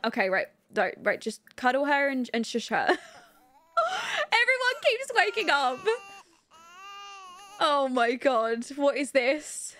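A woman's voice: a little high, a bit bright. A young woman giving chatty, giggly commentary on her life-sim game and talking to her viewers. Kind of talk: casual gameplay commentary.

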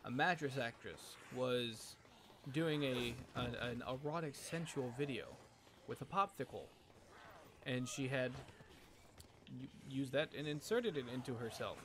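A man's voice: medium pitch, lively intonation, a little slow, a bit bright, slight background noise. A young man streaming a video game, chatting casually in a crude, profane, rambling way between jokes and mutters. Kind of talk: casual gameplay commentary.

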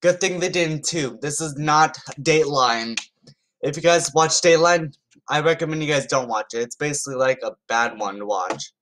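A male YouTuber reads out text messages, chatting loosely and with amusement in casual, unscripted commentary. His voice is a little high and fairly bright, at a moderate pace, and he often trips over words and restarts his sentences.

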